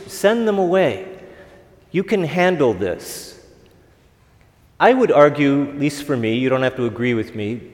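A man, a priest, giving a conversational homily at an evening Mass, asking the congregation rhetorical questions. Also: mid-range voice. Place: church. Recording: long reverb of a church.

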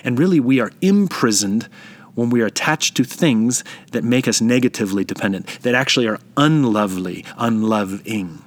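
A man preaching a sermon, reflective and emphatic, slowing down to stress key phrases. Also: medium pitch, lively intonation.

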